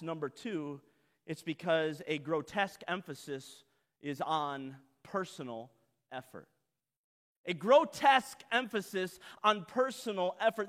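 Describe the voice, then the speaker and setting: High, bright-voiced preaching man. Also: long reverb tail. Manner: dramatic preaching, acts out quoted voices, swings loud to soft. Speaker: pastor. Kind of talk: sermon.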